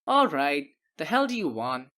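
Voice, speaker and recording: A woman's voice: low voice, sing-song, a little slow, a bit bright, exaggerated voice. A woman voicing a rude young sandwich-shop worker who snaps at a customer. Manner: snapping, rude.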